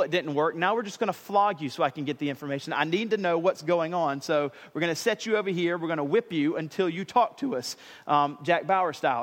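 Casual joking preacher with hall echo. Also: male voice, fairly high pitch. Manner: casual and joking, with modern slang. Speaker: pastor. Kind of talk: sermon.

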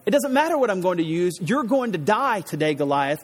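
A man's voice: high-pitched, big pitch swings, a little fast, big-room sound. A man voicing a young male shepherd warrior who talks back boldly and defiantly. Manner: defiant bold trash talk.

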